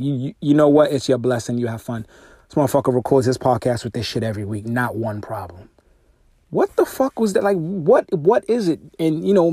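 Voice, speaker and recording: A man hosting his own podcast, telling a long story casually, swearing often, his voice jumping high when he gets exasperated. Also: dark tone, dry recording, clean studio sound. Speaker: podcast host and music artist. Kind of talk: casual solo podcast monologue. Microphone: podcast microphone through a mixer.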